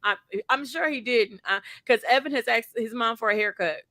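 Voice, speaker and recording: A woman co-hosting a community livestream, telling animated stories with playful asides on a video call. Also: fairly high pitch, fairly quick, no echo. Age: adult with school-age children. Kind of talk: casual chat.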